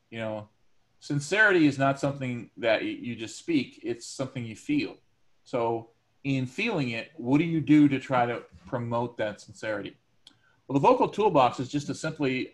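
A man gives a recorded lecture to his students in a loose, conversational way. He explains ideas with everyday examples and fills his pauses with ums and uhs. His voice sits at an ordinary middle pitch. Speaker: teacher.

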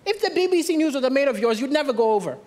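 A man from Malawi performing a stand-up comedy set on a theatre stage, delivering deadpan punchlines and acting out quoted voices. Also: extremely high pitch, racing. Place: large theatre stage with live audience. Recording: loud laughing crowd, noisy hall.

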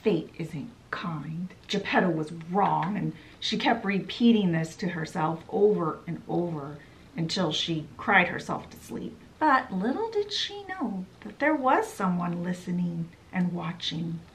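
A woman's voice: fairly low pitch, sing-song, a little slow, slight background noise. A woman casually summarizing a book in a meandering way, with lots of fillers. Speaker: book vlogger.

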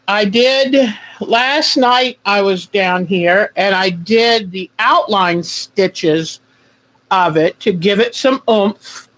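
A woman's voice: a little high, a bit bright, poor audio. A woman hosting a quilting live stream, chatting casually and greeting viewers by name with rambling asides.

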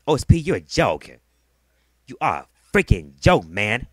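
Profane, heated man ranting, lively pitch. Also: normal speed, husky, dry recording. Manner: heated, profane, repeats himself. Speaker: vlogger. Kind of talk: angry ranting vlog.

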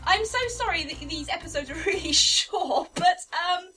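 Excitable high-voiced young woman gamer. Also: moderate pace. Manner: excitable, dramatic outbursts. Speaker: let's play host. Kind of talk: casual gameplay commentary. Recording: distant mic with game music.

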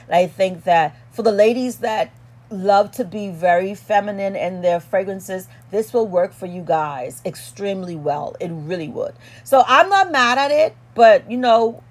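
A woman giving a casual perfume review in a sassy, animated, playful way with dramatic emphasis. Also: mid-range voice. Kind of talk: casual product review vlog.

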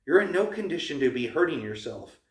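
A man voicing a stern, calm young goddess, with measured, commanding speech. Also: a little high. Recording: roomy, distant mic.

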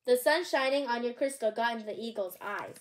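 A woman's voice: fairly high pitch, a little fast, lightly acted. Woman reading a smug know-it-all girl. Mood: matter-of-fact. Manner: matter-of-fact, a little smug.

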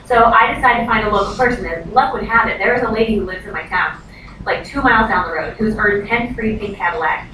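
Speaking fast with a medium-pitched voice, this direct sales consultant in her thirties chats her way through a training talk. She frequently says "like" and performs the voices she quotes, captured from far off in an echoey, noisy room.

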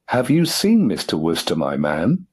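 A man's voice: low-pitched, wildly swooping pitch, a little slow, darkish tone, slightly rough, full character voice. A man voicing a cold, stern schoolmistress who speaks in icy, clipped, disapproving tones. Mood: angry.

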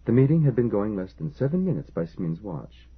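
A man narrating an audiobook with expressive storytelling. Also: fairly low pitch, brisk, slightly rough. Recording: lo-fi phone-like audio.

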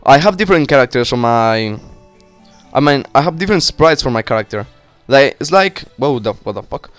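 A young man giving casual, excitable let's play commentary, swearing and talking to himself as he plays. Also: mid-range voice, brisk, no echo, faint music behind. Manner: cursing, excitable, talks to himself. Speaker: gaming YouTuber.

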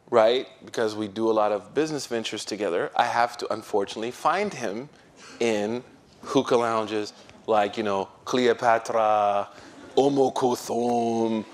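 A man who serves as an imam, giving an informal religious talk to an audience. He tells stories in an animated way, using slang and acting out what people said. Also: medium pitch. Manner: animated storytelling with slang and acted-out quotes.

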